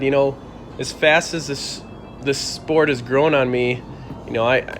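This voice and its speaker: A young man from the Buffalo area telling a story to camera in a casual, animated way. He laughs often and acts out the lines of others. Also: mid-range voice, a little hiss or hum. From Buffalo, New York area. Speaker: channel host telling a story.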